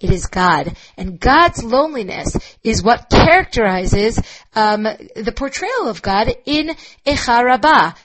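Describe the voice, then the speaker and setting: A woman's voice: fairly high pitch, expressive, unhurried, a bit bright, a little hiss or hum, poor audio. A woman lecturing on rabbinic texts, reading Hebrew passages aloud and translating them line by line, thoughtful and full of restarts. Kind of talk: recorded lecture.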